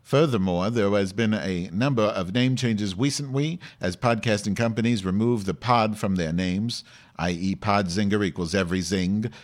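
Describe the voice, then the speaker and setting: A man's voice: low-pitched, expressive, normal speed, long pauses. A man playing a foul-mouthed, snappy woman host. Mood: reading news. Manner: profane, irritable, sarcastic rants at listeners. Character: brash foul-mouthed woman podcast host, short-tempered. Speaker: podcast host. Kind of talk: comedic podcast monologue.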